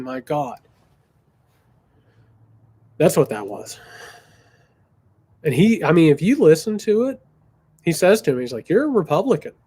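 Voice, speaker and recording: Male commentator, slightly higher pitch, impassioned and profane, hammers points by repeating them. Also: mellow. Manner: blunt, impassioned, swears freely, repeats phrases for emphasis; mocking voices when quoting others. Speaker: political commentator hosting a viewer Q&A. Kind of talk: casual livestream commentary.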